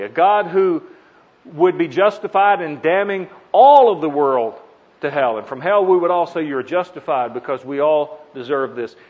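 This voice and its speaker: Earnest preacher man, lo-fi recording. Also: on the high side. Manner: earnest, stresses single words with sudden emphasis. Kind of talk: teaching sermon on Bible meditation. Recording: dull lo-fi recording.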